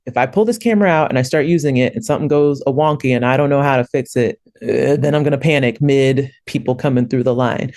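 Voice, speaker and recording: A woman co-hosting a podcast, telling stories in casual chat with lots of laughter. Keep it animated and chatty, with the close, dry sound of her card. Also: a bass voice, dry recording. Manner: animated storytelling with frequent laughter. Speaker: podcast co-host.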